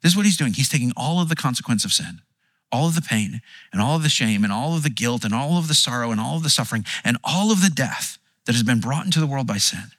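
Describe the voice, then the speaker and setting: A man's voice: mid-range voice, expressive, fast talker, a bit bright, no room sound. A man preaching a sermon, earnest and conversational, often restarting his words and acting out quotes. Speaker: pastor.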